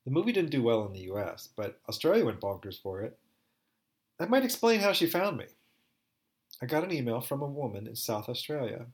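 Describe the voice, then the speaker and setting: Brief: male storyteller, calm and thoughtful, first-person narration, mid-range voice. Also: medium pitch, fairly quick.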